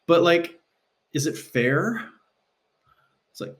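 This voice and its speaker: A man speaking as a guest on a podcast, telling stories casually and acting out quotes with shifting pitch. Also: fairly quick. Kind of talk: casual conversational storytelling. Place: Los Angeles.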